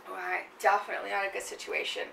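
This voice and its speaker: Gravelly woman lecturing in an echoey room. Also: medium pitch, flat delivery, fast talker, bright, forceful tone, slight background noise. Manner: checks in often with questions to the class. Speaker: literature teacher. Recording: echoey room, mic at a distance.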